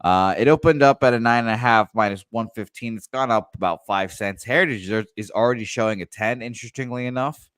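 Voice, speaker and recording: A man's voice: mid-range voice, brisk, a bit bright, smooth, no echo, studio quality. A man hosting a sports betting show, talking loosely with lots of fillers and the odd curse. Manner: loose, profane, rambling with fillers. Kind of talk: casual sports betting chat.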